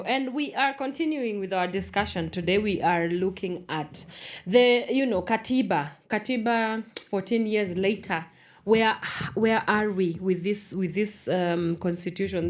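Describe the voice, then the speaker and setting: A woman's voice: medium pitch, a little mellow. A woman hosting a radio talk show, chatty and thinking aloud as she frames her questions for a guest. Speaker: radio host.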